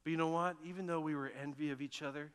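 A middle-aged man preaching a sermon as pastor, telling personal stories earnestly, moving between emphatic lines and hushed ones. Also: fairly high pitch, steady tone, fast, smooth. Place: church sanctuary. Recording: long church reverb.

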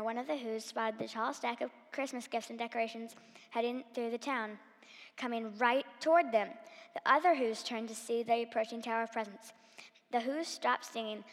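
Brief: female storyteller reading aloud, animated, reverberant hall. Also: a little high, normal speed.

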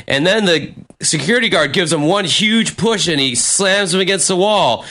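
A man casually telling a story on a chat show, animated and swearing, acting out what people said. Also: sits high, moderate pace, few pauses. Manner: animated, acts out quotes with profanity.

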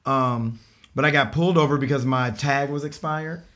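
A man's voice: mid-range voice, moderate pace. A man in his forties telling a long personal story in casual talk, acting out the voices of the people in it and laughing along the way. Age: 40s. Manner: animated, acts out quoted voices, laughs while telling. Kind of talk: casual storytelling on a podcast panel.

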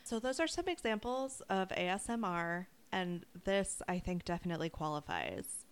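A woman co-hosting a podcast in casual chat, describing things slowly and deliberately. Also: lowish voice, sing-song, clear, resonant tone. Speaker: podcast co-host.

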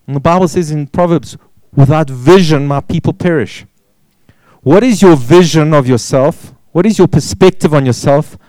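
A man preaches a sermon in a mellow, fairly high voice. He presses each point with repeated words and rhetorical questions. The sound is dry and close, with little room in it. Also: moderate pace, dry recording, rough recording. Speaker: pastor.

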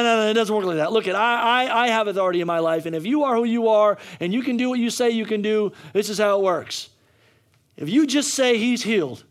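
A male pastor preaching a sermon in a notably high voice. He pushes his points hard, repeats lines for effect and stumbles into restarts as he goes. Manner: emphatic, repetitive preaching with frequent restarts.

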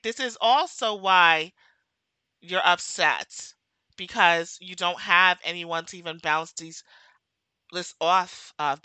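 A woman's voice: low-pitched, sharp tone, no echo. A woman giving casual commentary to her followers, emphatic and often laughing as she repeats her points. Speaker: social media commentator.

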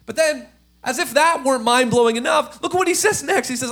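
A man's voice: extremely high pitch, expressive, brisk, a bit bright. A male pastor preaching a sermon in a conversational style, asking rhetorical questions and building to emphatic peaks.

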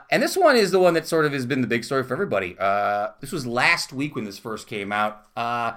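A man's voice: medium pitch, fairly bright tone. A young man co-hosting a casual podcast, telling self-mocking stories and laughing as he goes. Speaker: podcast co-host. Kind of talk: casual chat.

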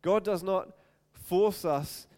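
Male preacher, high tenor, animated storyteller. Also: slow pace. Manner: animated, acts out scenes with quoted voices. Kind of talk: sermon with storytelling.

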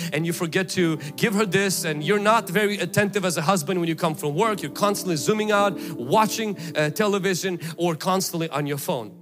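Male pastor, high voice, lively sermon, slightly out of breath, soft music under. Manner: animated preaching, acting out prayers in quoted voices. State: sweating, out of breath. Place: church.

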